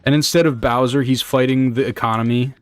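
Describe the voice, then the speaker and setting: A man's voice: medium pitch, steady tone, a little fast, clean tone, soft background music. Joking young man streaming a speedrun. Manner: rambling, jokey, swears casually, reads chat aloud. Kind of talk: casual livestream chat while speedrunning.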